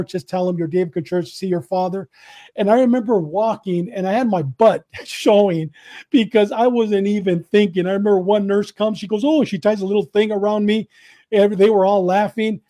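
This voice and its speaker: Earnest higher-voiced man telling his story. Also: warm tone, no room sound. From Southern California. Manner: earnest, repeats himself, acts out both sides of remembered dialogue. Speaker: guest, retired police detective. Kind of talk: emotional personal storytelling.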